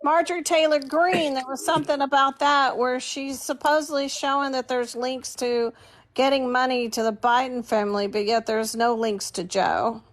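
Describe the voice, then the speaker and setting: A woman's voice: high-pitched, fairly even intonation, moderate pace. A woman co-hosting a casual political chat show, wry and amused, often laughing. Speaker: political commentary co-host.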